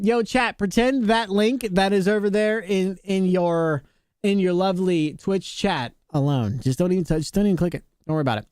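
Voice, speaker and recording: A man's voice: high voice, normal speed, darkish tone, clean tone, no room sound, studio quality. A male streamer chatting casually with viewers, joking around, laughing often and greeting chatters by name.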